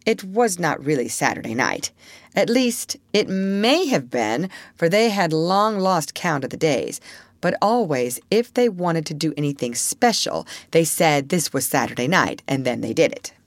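A woman with a low voice narrating a storybook, expressive and gently wry. Her pitch moves lively through each sentence, and the recording is close and dry. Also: unhurried, no echo. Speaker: audiobook narrator.

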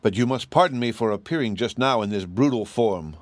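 A man reading aloud, voicing a steady, matter-of-fact male scarecrow turned into a stuffed bear. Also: mid-range voice, a little fast, dry recording, natural voice. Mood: calm.

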